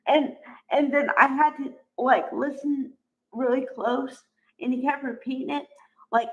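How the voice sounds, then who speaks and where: A woman's voice: sits high, measured pace, a bit bright. A woman casually recapping a soap opera episode, chatty and exasperated, acting out the characters' lines. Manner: chatty, exasperated, acts out quotes. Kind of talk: casual spoken recap and commentary. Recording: dull lo-fi audio.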